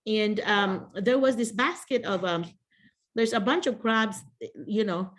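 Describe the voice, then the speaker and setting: Chatty woman on a video call, laughing often and full of fillers and restarts. She talks to teachers in a casual advice style, middle pitch. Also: unhurried.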